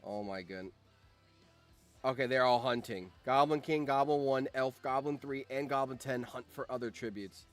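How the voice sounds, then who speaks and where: A man hosting a channel, giving casual reaction commentary on a game simulation, swinging from low muttering to excited shouts. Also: normal speed, soft background music. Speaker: channel host and streamer.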